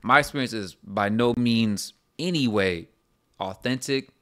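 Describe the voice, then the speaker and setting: A man's voice: mid-range voice, normal speed, a bit bright. A man co-hosting a podcast in casual, rambling chat, laughing often as he talks. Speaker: podcast co-host.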